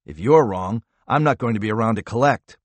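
A man's voice: lowish voice, animated, brisk, no room sound, natural voice. A man playing a blunt, clipped male special-ops operative in his own natural voice. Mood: demanding.

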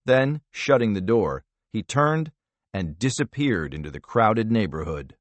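Low-voiced man reading a thriller. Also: no room sound. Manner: steady, measured thriller reading. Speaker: audiobook narrator. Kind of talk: scripted narration.

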